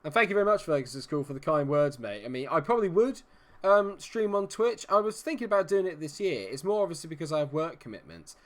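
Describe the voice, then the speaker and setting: A man's voice: a little high, lively intonation, fast. A young man from Dorset with a Dorset English accent, commentating a live football game stream in a chatty, self-deprecating way, humming and muttering to himself between plays. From England, Dorset. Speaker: gaming streamer.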